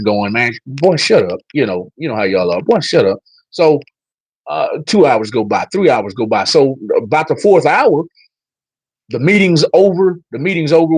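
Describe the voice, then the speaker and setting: A man's voice: mid-range voice, slightly rough, no echo, low-quality recording. A man hosting a casual livestream, talking straight to his viewers and telling a story. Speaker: livestream host.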